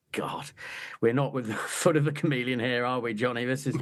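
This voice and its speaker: A man co-hosting a football book podcast, talking in a relaxed, chatty way. His humour is dry and wry, and he teases his subject and his co-host. His pitch sits in an ordinary middle range. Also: moderate pace. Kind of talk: casual chat.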